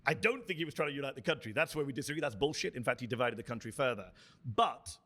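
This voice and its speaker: A man's voice: medium pitch, animated, quick pace, bright, forceful tone. A man debating a panel in a heated exchange, pointed and insistent in pressing his argument.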